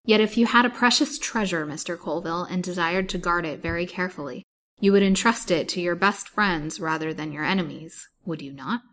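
A woman reading aloud gives voice to a proud young lady with a cutting, imperious tone, lifting her voice a little above the narration to lay bare the scorn of someone who has been wronged. It is a storybook reading at a calm, steady level. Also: on the low side, a little fast, lightly acted. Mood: scornful.

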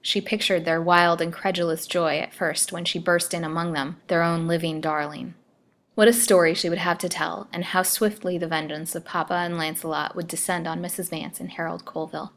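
A woman narrates an old romance novel as a storyteller, her voice pitched on the low side. Her reading is measured and expressive, steady through long descriptive passages. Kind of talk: scripted narration of a classic novel.

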